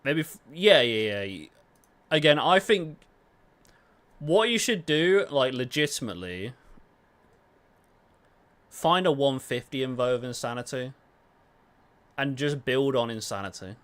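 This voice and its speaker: Casual gaming streamer man, mid pitch. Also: a little slow, pauses often. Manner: relaxed, swears casually, answers chat while playing. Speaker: gaming livestreamer. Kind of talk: casual livestream chat.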